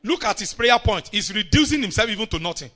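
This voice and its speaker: Nigerian male preacher, middle-aged, very high and bright voice, fiery delivery, works the congregation. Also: quick pace. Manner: animated, bursts into shouting, calls on the congregation. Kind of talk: sermon.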